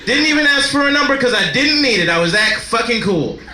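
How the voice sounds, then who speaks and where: A man performing a stand-up set in a comedy club, with a low-key, deadpan delivery. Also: brisk, echoey room, a little hiss or hum.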